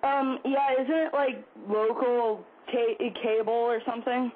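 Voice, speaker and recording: A man's voice: very high-pitched, fairly even intonation, a little slow. A young man calling in to a show, easygoing and hesitant, with lots of fillers. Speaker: caller. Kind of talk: phone call chat. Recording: tinny phone line with faint noise.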